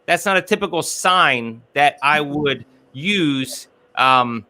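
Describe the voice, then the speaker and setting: High, bright-voiced man talking earnestly. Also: expressive, slow pace. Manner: earnest, repeats words while thinking. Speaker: guest, business strategist. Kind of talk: casual interview chat. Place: office.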